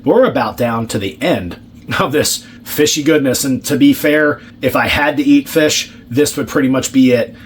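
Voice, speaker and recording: A man's voice: mid-range voice, normal speed, slight background noise. A man eating and reviewing food in a casual vlog, joking, sarcastic and swearing casually, humming and chewing as he talks. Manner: chews and hums with his mouth full. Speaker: ration review vlogger.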